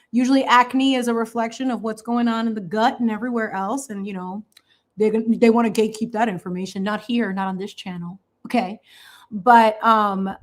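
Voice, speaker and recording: A woman in her thirties hosting a craft channel, chatting casually in a sassy, animated way with slangy asides and frequent laughs. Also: a little high.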